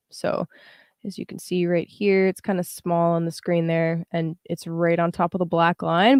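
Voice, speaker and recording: A young woman talks through an astrology chart on a casual livestream, stopping to greet viewers by name. Her voice sits a little low and sounds dry and close, with no room around it. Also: darkish tone, no echo. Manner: chatty, greets live viewers, frequent fillers. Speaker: astrologer and tarot livestream host.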